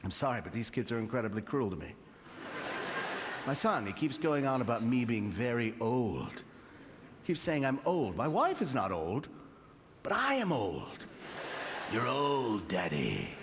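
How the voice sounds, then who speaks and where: A man hosting a comedy show with stand-up, dry and deadpan with sudden high outbursts. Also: moderate pace, pauses often. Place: comedy club stage. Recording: roomy hall with audience noise.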